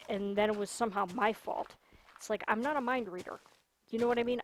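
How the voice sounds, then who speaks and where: A woman's voice: medium pitch, steady tone, moderate pace, slight background noise. Brief: young woman livestreamer, chatty, venting, leans hard on repeated points. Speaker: gaming livestreamer. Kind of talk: casual chat while streaming a game.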